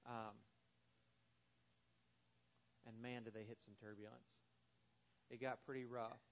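A man's voice: medium pitch, little pitch movement, slow, long pauses. Man preaching in a casual storytelling tone. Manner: casual storytelling with many fillers, then earnest prayer. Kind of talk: sermon with illustration story.

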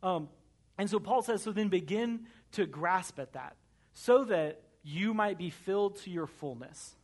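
Earnest young pastor preaching casually. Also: male voice, high voice, expressive, measured pace. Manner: earnest, conversational, frequent "right?" tags. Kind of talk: sermon.

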